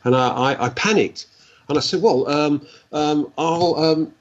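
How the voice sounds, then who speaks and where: A man, a guest telling stories in a rambling, animated way and acting out the dialogue. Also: fairly high pitch, measured pace. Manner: rambling, animated storyteller who acts out dialogue. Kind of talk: casual storytelling. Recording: dull lo-fi recording.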